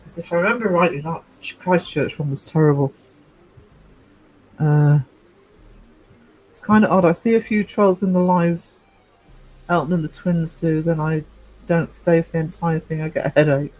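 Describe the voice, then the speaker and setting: A man's voice: a little high, moderate pace, long pauses, darkish tone, low-quality recording. A middle-aged man hosting a casual livestream, rambling chattily through stories and replies to his chat. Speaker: livestream host.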